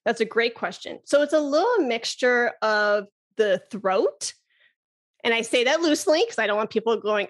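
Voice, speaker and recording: A woman flute teacher, a guest in a casual interview, who talks with enthusiasm, laughs easily and demonstrates breathy "ha" sounds. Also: fairly high pitch, expressive, moderate pace.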